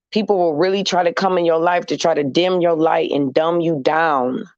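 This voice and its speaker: A man's voice: a little high, no echo. A man talking casually to camera in an emphatic, sassy, repetitive way, as in a vlog monologue. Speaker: vlogger. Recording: dull, dry lo-fi recording.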